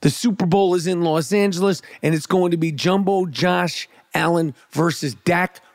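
A man's voice: sits high, steady tone, normal speed, no echo, studio quality. A man giving a brash, profane, hyped-up rant about the football weekend and his fantasy team. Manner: brash, swearing, hyped, repetitive. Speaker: sports commentator.

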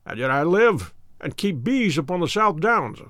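A man's voice: a little high, sing-song, normal speed, a bit bright, no echo. A man doing a wry, self-assured detective. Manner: dry, courteous irony. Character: calm, witty, self-assured male detective.

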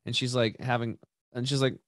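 In studio quality with no echo, a podcast-hosting man with a mid-range voice talks fairly quickly through a personal story. He is casual, rambling and animated, with repeats, restarts, and asides of "right" and "dude."

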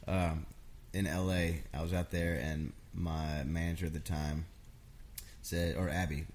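Speaking a little slowly in a low voice, with slight background noise, a male songwriter shares stories casually. He gets animated, performing other people's quotes as he goes.

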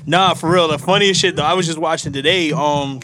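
A man in casual chat, telling an animated, profane story and laughing. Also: on the high side, fairly quick, noisy background.

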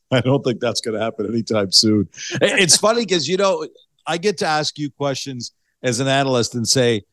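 A man's voice: mid-range voice, very animated, normal speed, a bit bright, no echo. A man hosting a podcast in an easygoing way, setting up his questions at length. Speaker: podcast host and hockey analyst. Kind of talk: conversational interview.

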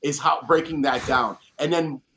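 Give me a man with a somewhat high voice chatting casually as a guest. He tells stories with energy and acts out what people said. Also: moderate pace, slight background noise. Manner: animated storyteller, acts out quotes. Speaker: reality show alum guest. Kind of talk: casual chat.

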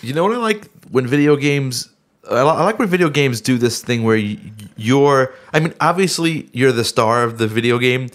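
A man's voice: mid-range voice, normal speed. Podcast host guy, mid voice, chill and rambly. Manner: relaxed and chatty, with many fillers. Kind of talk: casual podcast chat.

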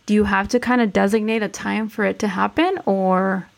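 A woman's voice: medium pitch, steady tone, normal speed, creaky. A woman, co-hosting a podcast in casual chat, moving between English and Spanish with many fillers. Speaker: podcast co-host.

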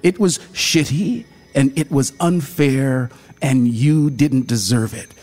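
Man playing a blunt tough woman, urgent and terse, slow breathy storybook read. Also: mid-range voice, a little mellow. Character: blunt, forceful woman, the other.

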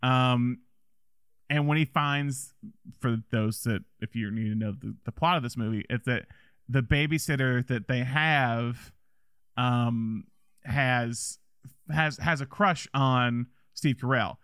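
A man's voice: medium pitch, takes it slowly, fairly bright tone, clean tone, dry recording, studio quality. A man casually chatting about a movie as a podcast co-host, rambling with many restarts and laughs.

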